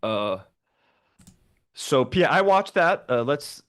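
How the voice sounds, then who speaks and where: A man's voice: a little high, sing-song, slow pace. A man co-hosting a livestream, reacting in casual chat with lots of fillers and swearing. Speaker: livestream co-host.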